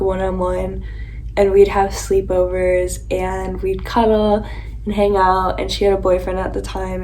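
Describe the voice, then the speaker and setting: Gravelly young woman telling her story. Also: mid-range voice, warm tone, slight background noise, poor audio. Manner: casual, confiding, filler-heavy storytelling. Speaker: content creator. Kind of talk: personal storytelling vlog.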